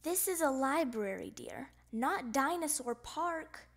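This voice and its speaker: Woman doing a prim otter librarian, storybook, patient and polite, slow measured speech. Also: sits high, expressive, exaggerated voice. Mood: correcting.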